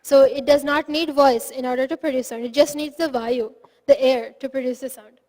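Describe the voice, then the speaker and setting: High-voiced woman teaching phonetics, echoey. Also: steady tone, normal speed, darkish tone. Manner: patient, explains step by step, demonstrates syllables aloud. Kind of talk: online class explanation.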